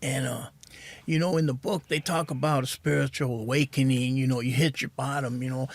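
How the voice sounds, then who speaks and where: A middle-aged man telling his recovery story as a podcast guest, soft-spoken and halting, saying "man" often. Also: mid-range voice, fairly even intonation, vocal fry, background noise.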